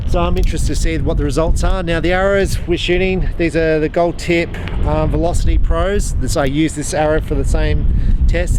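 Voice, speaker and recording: A man's voice: fairly high pitch, noisy background. A man who runs an archery shop, casually demonstrating an arrow rest and rambling through customer stories. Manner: chatty, rambling storyteller. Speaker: archery shop owner reviewing gear. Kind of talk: casual product demo.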